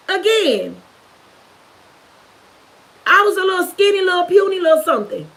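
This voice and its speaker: A young woman with a high voice speaks straight to her viewers about something painful from her past. She is earnest and intense, circling back over the same words to drive them home. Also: very animated, normal speed, long pauses, rough recording. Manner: earnest, repetitive, intense storytelling. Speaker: vlogger. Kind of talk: emotional personal testimony to camera.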